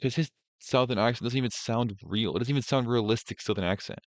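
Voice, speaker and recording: A man's voice: mid-range voice, quick pace, dry recording. A man streaming, giving casual reaction commentary in a blunt, profane, ranting way with many restarts.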